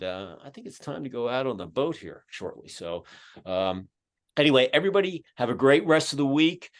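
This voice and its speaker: A man from Philadelphia with a Philadelphia accent, hosting a podcast and talking casually over a video call, rambling with plenty of fillers. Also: medium pitch. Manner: rambling, filler-heavy, folksy. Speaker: podcast host. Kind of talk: casual closing remarks. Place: home in Georgia, on a video call.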